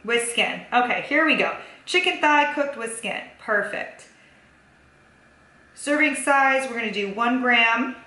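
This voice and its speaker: A woman's voice: a little high, lively intonation, measured pace, pushed and bright. A young woman vlogging a casual cooking and food-tracking walkthrough in her home kitchen, talking loosely with lots of ums and kindas. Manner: chatty, many fillers like um and kinda. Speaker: fitness vlogger. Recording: echoey kitchen with faint ambience.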